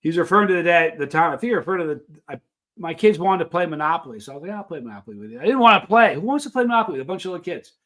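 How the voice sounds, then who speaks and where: Middle-aged male stream host, slightly high voice, loose rambling anecdotes full of restarts. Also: lively intonation, very fast, fairly bright tone. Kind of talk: casual storytelling to a live chat.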